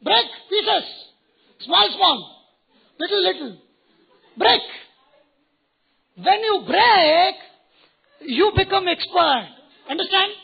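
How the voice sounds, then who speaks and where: The same kind of address again: a Kannada-native man with an Indian English accent playfully motivates new students, teasing them and firing questions at the crowd. Here his very high voice has lively intonation but comes slowly and creakily, broken by long pauses, and the recording's highs are cut off.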